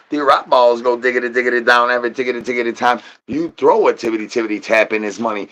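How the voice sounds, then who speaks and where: A man's voice: mid-range voice, fast, hardly any pauses, fairly bright tone. A man streaming live, rambling in goofy slang with sing-song nonsense rhymes. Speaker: livestreamer. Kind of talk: rambling livestream chat.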